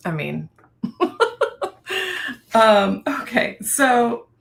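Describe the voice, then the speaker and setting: A woman's voice: a little high, sing-song, extremely slow, creaky, a bit bright. A woman moderating a webinar, easygoing, reading out audience questions over a video call and laughing along with the guest.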